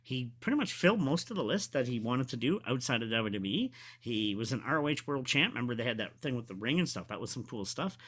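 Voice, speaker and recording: A man hosting his own show, chatting casually and excitedly through a wrestling event recap, rambling and going back to correct himself. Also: mid-range voice, fast talker, hardly any pauses, breathy edge. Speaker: wrestling podcast host. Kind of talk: casual solo review chat.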